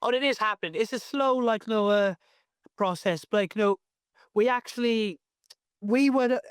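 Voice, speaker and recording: A young Welsh man with a Cardiff accent talks in a high, clear voice. He chats loosely as an interview guest and keeps circling back with fillers and restarts. The sound is close and dry. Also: normal speed, no echo. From Wales. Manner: rambling, lots of fillers and restarts. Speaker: professional wrestler, guest. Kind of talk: casual interview chat.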